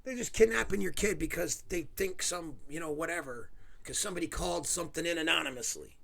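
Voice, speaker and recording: Fed-up guy ranting into the camera, gravelly, kinda high voice, swears a lot. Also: quick pace, pushed and bright. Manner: heated, swearing, sarcastic asides. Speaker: video host. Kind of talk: angry ranting commentary.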